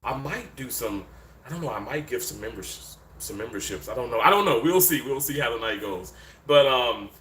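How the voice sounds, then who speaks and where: This livestream host, a Southern-accented man from Mississippi, rambles through viewer comments from a hotel room, using plenty of fillers. His medium-pitched voice is animated, fairly quick and fairly bright. The audio sounds roomy, with slight background noise.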